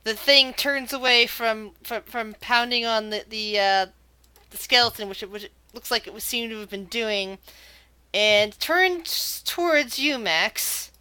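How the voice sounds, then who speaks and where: A woman's voice: a little high, measured pace, pushed and bright, clear, resonant tone, no echo. A woman running a tabletop game as game master, narrating scenes and often restarting her sentences.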